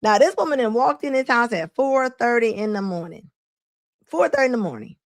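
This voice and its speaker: A woman's voice: on the high side, animated, fairly quick, no room sound. A woman hosting a live show and commenting on a clip, laughing often and scolding emphatically. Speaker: host.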